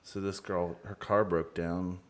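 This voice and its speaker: A man's voice: low-pitched, little pitch movement, measured pace. A man co-hosting a podcast in casual chat, teasing and filling with "like". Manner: teasing, lots of filler "like". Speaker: podcast co-host.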